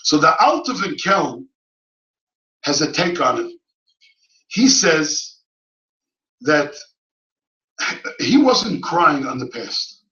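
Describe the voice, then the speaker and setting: A man giving an impassioned Torah lecture at a yeshiva, speaking yeshiva English full of Hebrew terms and rising to shouted pleas. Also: on the high side, big pitch swings, slow, pauses often. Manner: swells from quiet teaching to crying, shouted pleas. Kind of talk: impassioned sermon. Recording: echoey hall, mic at a distance, dull sound.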